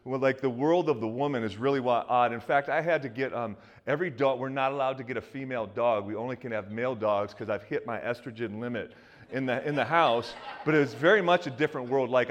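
Joking, conversational middle-aged preacher. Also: male voice, medium pitch, dull audio. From US Northeast. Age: 50s. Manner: conversational, joking, with many restarts and asides. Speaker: pastor. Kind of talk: sermon.

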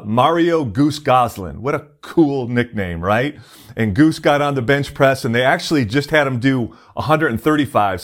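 A man preaching a casual sermon as a pastor, talking conversationally with many fillers and restarts. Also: mid-range voice.

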